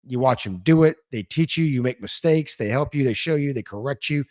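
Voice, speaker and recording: A man's voice: medium pitch, brisk, darkish tone, dry recording, studio quality. A man co-hosting a podcast, talking casually with many fillers and repeated words. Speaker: podcast co-host.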